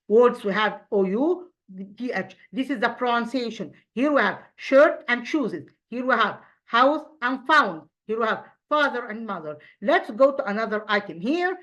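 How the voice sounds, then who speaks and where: Halting woman teaching a children's English lesson. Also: on the high side, a bit bright. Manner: halting, many fillers and restarts, explaining step by step. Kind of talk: primary school English lesson.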